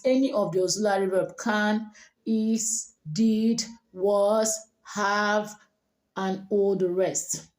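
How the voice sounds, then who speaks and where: A woman teaches a diction lesson. She talks slowly and carefully, modelling each intonation pattern aloud. Her voice carries in an echoey room. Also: mid-range voice, a little mellow. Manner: slow, deliberate, demonstrates intonation patterns aloud.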